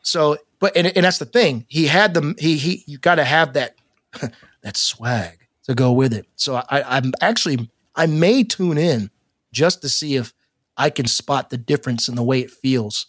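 A man co-hosting a podcast in casual chat, animated and rambling, with frequent laughs. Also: mid-range voice, normal speed, no echo, studio quality. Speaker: podcast co-host.

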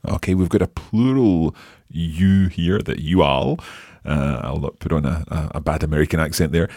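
A man hosting a podcast language lesson, modelling phrases slowly and patiently for a learner. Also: a bass voice, a little mellow, dry recording, studio quality. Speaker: language teacher and host.

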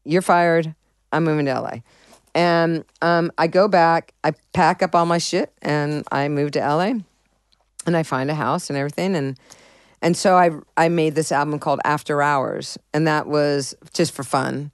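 A middle-aged woman musician tells blunt, swear-laden stories as an interview guest, playing out both sides of old arguments. Her voice comes through smooth and clear, recorded dry and close with no room sound. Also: deep voice, normal speed, no room sound. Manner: animated, profane, acts out conversations. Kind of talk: candid storytelling in an interview.

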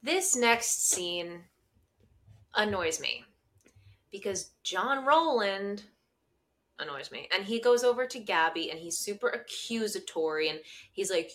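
Bright, wry woman podcast co-host. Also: mid-range voice, lively intonation, takes it slowly. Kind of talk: casual recap chat.

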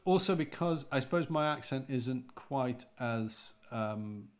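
An English man with a North Midlands accent chats on a podcast. He is relaxed and rambling, circling back to fix his own sentences as he goes. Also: medium pitch, unhurried. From England. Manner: relaxed, rambling, self-correcting. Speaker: preacher. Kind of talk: casual podcast chat.

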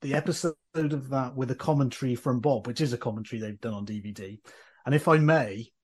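A man's voice: mid-range voice, fairly quick, darkish tone. A man co-hosting a casual podcast chat, steering the talk with prepared questions and references. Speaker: podcast co-host.

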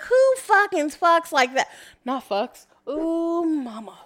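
A woman's voice: extremely high pitch, big pitch swings, slow, a bit bright. A woman in her thirties co-hosting a casual podcast with her sibling, teasing, swearing freely and laughing. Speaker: podcast co-host. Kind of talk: casual chat.

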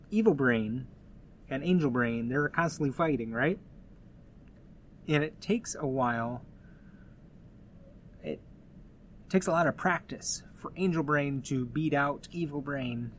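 A man's voice: mid-range voice, unhurried, pauses often, a bit bright, a little hiss or hum. Casual man talking on his own podcast. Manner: conversational, rambling with frequent restarts and asides. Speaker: podcast host. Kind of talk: casual solo podcast talk.

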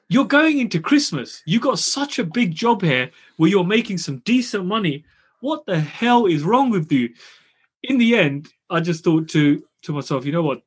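Animated man telling a story. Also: sits high, slightly rough. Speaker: property developer guest. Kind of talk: casual podcast chat.

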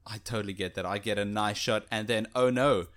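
A man co-hosting a casual chat about a video game, animated and quick to act out little voices. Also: fairly low pitch. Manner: animated, does little voice impressions. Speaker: podcast co-host.

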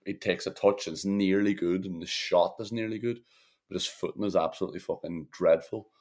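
Deep-voiced man ranting blunt football chat. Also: fairly even intonation, fairly quick, darkish tone. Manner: blunt, swearing, laughing. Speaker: podcast co-host.

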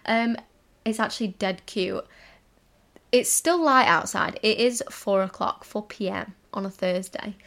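A woman's voice: mid-range voice, measured pace, gravelly, a bit bright. A young woman hosting a casual solo podcast from home, talking in a rambling, giggly way with lots of fillers. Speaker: podcast host. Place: home, indoors, in a cozy room.

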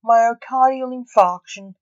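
A woman's voice: on the high side, slow pace, no room sound, dull audio, voice pushed up. A woman voicing a curt, businesslike male hospital orderly in a storybook reading.

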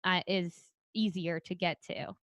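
A young adult woman, a speech therapist co-hosting a podcast, chatting casually and quickly with many "like" fillers. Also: lowish voice, fairly even intonation, fairly bright tone, no echo.

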